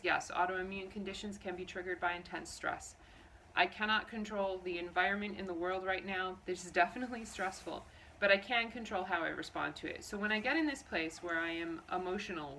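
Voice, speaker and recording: A woman talking earnestly to camera, telling a personal story and sharing how she copes with fear, expressive and reflective. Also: medium pitch, slight background noise, poor audio. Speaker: vlogger sharing personal coping strategies.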